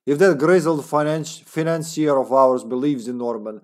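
A man's voice: a little high, fairly even intonation, normal speed, lightly acted. A man doing a mock-Russian terrorist. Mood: solemn. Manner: solemn, reading aloud with a put-on comrade accent. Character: grim male terrorist agent writing a diary. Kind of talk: reading game text aloud.

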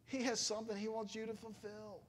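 A middle-aged pastor preaches with a notably high-pitched voice. He talks to the congregation in a loose, conversational way, telling stories with emotional exclamations. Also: flat delivery, fairly quick. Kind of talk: sermon.

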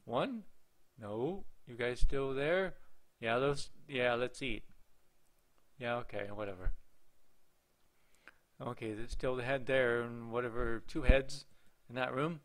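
A man giving casual let's play commentary on a horror game, rambling and joking, often talking straight to the game's characters. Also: medium pitch. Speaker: gameplay commentator.

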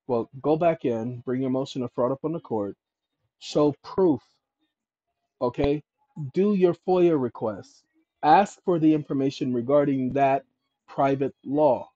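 A man hosting his own channel, walking viewers through legal paperwork on his screen in an emphatic way, often calling them "ladies and gentlemen" and checking in with "okay?". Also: medium pitch, unhurried, no echo. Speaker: channel host giving legal advice. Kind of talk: instructional screen-share talk. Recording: dull lo-fi recording.

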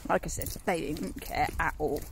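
A woman's voice: sits low, fairly even intonation, normal speed, gravelly. A British woman in her thirties, a mother, chatting and rambling to her phone while out walking in the countryside, laughing often. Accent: British English. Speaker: vlogger. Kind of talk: casual chat. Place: outdoors on a rainy country walk. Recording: loud wind and rain noise outdoors.

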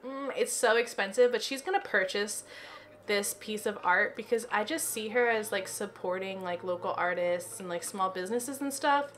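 A woman's voice: mid-range voice, normal speed, a bit bright, slight background noise. A woman chatting casually through gameplay commentary from her home office, giggly and filling her talk with "like" and "um". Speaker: let's play gamer.

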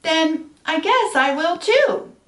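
A woman voicing a cheerful, curious young male tadpole in a storybook reading, high and eager. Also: wildly swooping pitch, unhurried, a bit bright, full character voice. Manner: eager, happy, high and wide-eyed. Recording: echoey room, far from mic.

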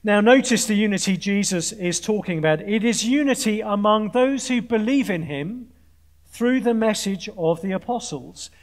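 Male preacher, high voice, earnest, pointed emphasis, dry humour, student audience. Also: normal speed. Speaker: conference speaker preaching. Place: large conference hall with an audience.

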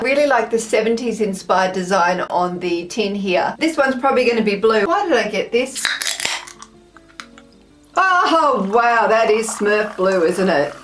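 A woman hosting a casual taste-test vlog, chatty and enthusiastic as she gushes over snacks. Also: mid-range voice. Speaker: food taste-test vlogger. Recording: roomy echo from the mic at a distance, soft music.

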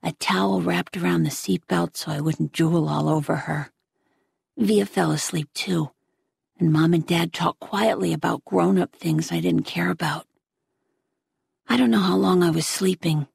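A woman's voice: on the low side, gravelly, a little mellow, breathy edge, no echo, studio quality. A woman narrating an audiobook in first person as a young boy, voicing his family in dialogue. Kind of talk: scripted narration.

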